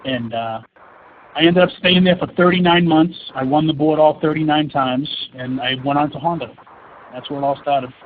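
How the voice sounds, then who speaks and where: A man's voice: fairly high pitch, moderate pace. A man who sells cars talks bluntly about money as an interview guest, often repeating words. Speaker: car salesman guest. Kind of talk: casual interview on a webinar. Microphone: phone call. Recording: tinny phone line with faint hiss.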